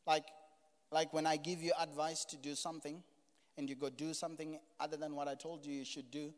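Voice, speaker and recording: A middle-aged man preaching a sermon as pastor, moving from quiet asides to loud exclamations. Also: on the high side, flat delivery, a little fast. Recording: reverberant hall.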